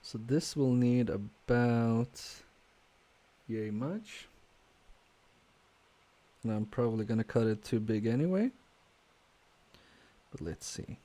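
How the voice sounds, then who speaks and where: Speaking slowly with long pauses, this medium-pitched man streams live as he fixes electronics. His running commentary is hesitant and self-questioning, full of fillers and unfinished sentences, and he mutters in a quietly focused way while he works.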